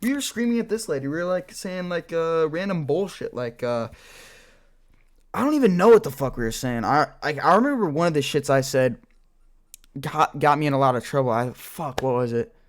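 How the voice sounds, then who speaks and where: A man's voice: on the high side, animated, moderate pace. A young man telling a rambling, profane childhood story in a casual vlog while gaming, full of filler words. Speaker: storyteller vlogger.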